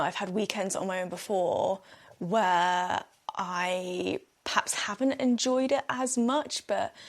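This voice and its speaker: A young British woman hosting a casual solo podcast, telling stories in a chatty, self-mocking way and laughing often. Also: mid-range voice. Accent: British English. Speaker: podcast host.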